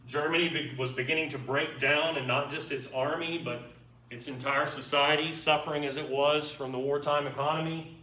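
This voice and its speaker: A man's voice: on the high side, fairly even intonation, moderate pace, bright, forceful tone. A man giving an informal, wry history lecture to a class, checking in with his students as he goes. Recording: echoey room, mic far off.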